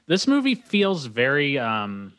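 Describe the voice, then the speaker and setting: A man's voice: mid-range voice, wildly swooping pitch, slow, fairly bright tone. Male podcast co-host, dry joker, casual rambling chat. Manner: dry, joking, rambling asides.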